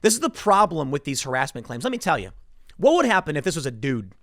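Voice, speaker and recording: A man delivers solo political commentary with a lively, swooping pitch that sits a little high. He slips into the voices of the people he quotes. The sound is dry and close, with no room around it. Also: fast talker, no echo. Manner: animated, acts out quoted voices.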